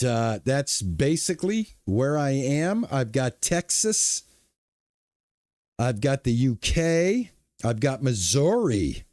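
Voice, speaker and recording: A man's voice: medium pitch, a little mellow, dry recording, clean studio sound. A middle-aged man streaming a game, chatting casually and greeting viewers by name, often restarting his words. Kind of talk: casual live-stream chat.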